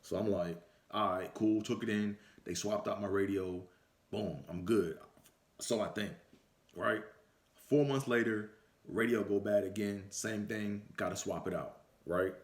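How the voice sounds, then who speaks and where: A man's voice: lowish voice, steady tone, a little slow. A man vlogging in a casual storytelling style, laid-back and slangy, swearing freely as he talks to the camera. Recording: roomy echo.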